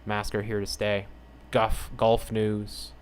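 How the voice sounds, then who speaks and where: A man's voice: lowish voice, completely flat delivery, slow, a little hiss or hum. A man hosting his own channel, reading news headlines aloud and ranting about them with indignant, sarcastic asides. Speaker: channel host.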